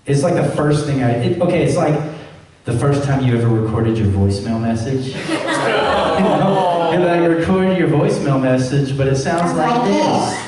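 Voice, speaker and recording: A man, a voice actor, telling stories and answering fan questions on a convention panel, acting out quoted lines in a higher voice. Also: animated, normal speed, very noisy. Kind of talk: Q&A panel storytelling. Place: large echoey event hall. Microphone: room recording from the audience. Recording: echoey hall, far from the mic.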